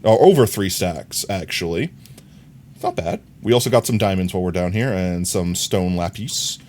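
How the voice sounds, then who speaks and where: Young male streamer, easygoing rambler who laughs easily, expressive up-and-down delivery. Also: low voice, a little hiss or hum. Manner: rambling, self-correcting, quick to laugh. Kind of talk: casual live-stream chat while gaming.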